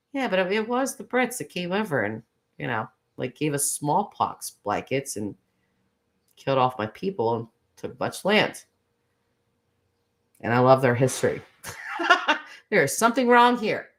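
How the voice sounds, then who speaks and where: A woman's voice: deep voice, a bit bright. A woman hosting a casual livestream chat, gushing and chatty, wandering off on tangents and laughing often. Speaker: host.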